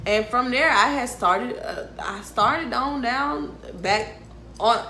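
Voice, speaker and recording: Frank, animated young woman vlogger. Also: on the high side, slow, reverberant, slight background noise. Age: 20s. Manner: animated, frank and profane, laughs often. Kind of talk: casual storytime monologue.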